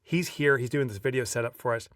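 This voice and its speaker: A man reading his own audiobook aloud, lively as a storyteller and breaking off now and then for casual asides. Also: medium pitch, fast, no echo, studio quality, far from the mic. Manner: lively storyteller who breaks off to chat offhand. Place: video recording setup.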